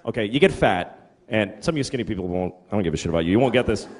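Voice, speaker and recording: A man's voice: fairly low pitch, lively intonation, racing, a little mellow. A man performing a profane, ranting stand-up comedy routine on stage. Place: live comedy venue. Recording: echoey live club with audience noise.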